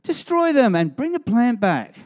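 A man's voice: very animated, normal speed. A man voicing Jonah as a whiny, petulant grown man acting like a child in a sermon retelling. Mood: sulky whining. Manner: high, sulky, whining. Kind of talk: sermon storytelling.

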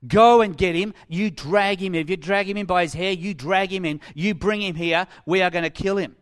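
A man's voice: high voice, expressive, slow, a bit bright, full character voice. A man voicing furious male religious leaders ordering their guards to drag a prisoner in. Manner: barking orders, vicious.

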